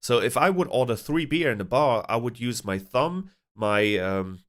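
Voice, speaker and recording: A man's voice: medium pitch, animated, moderate pace. A man hosting a casual stream chat, rambling with restarts and frequent chuckles. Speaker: streamer host.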